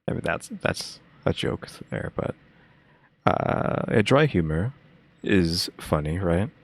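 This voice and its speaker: A man chatting casually as co-host, with dry deadpan humor and rambling asides. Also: deep voice, takes it slowly. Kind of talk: casual reaction chat.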